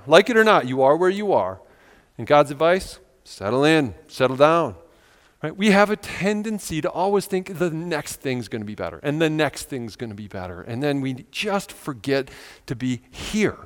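A man's voice: a little high, long reverb tail. A man preaching a sermon in a church, talking in a conversational, earnest way with many rhetorical questions. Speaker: pastor. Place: church sanctuary.

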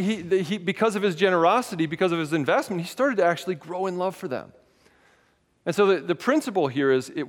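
Higher-voiced man preaching, hall reverb. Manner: candid, self-mocking storytelling. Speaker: pastor. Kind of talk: sermon.

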